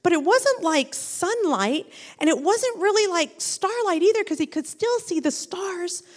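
A woman telling a story to a group of children, animated and asking them questions along the way. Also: extremely high pitch, unhurried, big-room sound.

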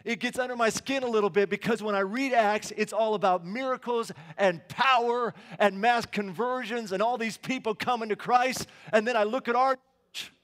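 A man's voice: high-pitched, fairly even intonation, moderate pace, fairly bright tone. A middle-aged male pastor preaching a sermon in a church sanctuary, telling stories conversationally and asking the congregation questions.

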